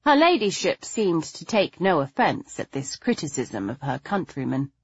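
A woman narrating an audiobook in a poised, even storytelling manner. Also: sits low, moderate pace, husky, dry recording, highs cut off. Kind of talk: audiobook narration of a period mystery.

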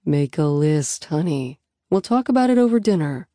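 A calm, patient husband who reassures and teases softly, read by a woman. His voice sits low and mellow. The sound is close and dry, like a storybook read in a quiet booth. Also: normal speed, dry recording. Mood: teasing. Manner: soft, reassuring and lightly joking. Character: calm, patient, gently teasing male husband.

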